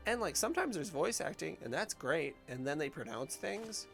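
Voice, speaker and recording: A man's voice: on the high side, big pitch swings, normal speed, gravelly, hardly any pauses, fairly bright tone. A man streaming a game, talking casually and rambling, self-deprecating and full of fillers, with game music behind. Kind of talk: casual gameplay commentary.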